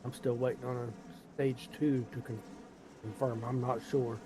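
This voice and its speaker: A man's voice: medium pitch, level tone, unhurried, noisy background. Laid-back man co-commentating from home. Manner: laid-back, brief replies. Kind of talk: casual chat. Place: home room.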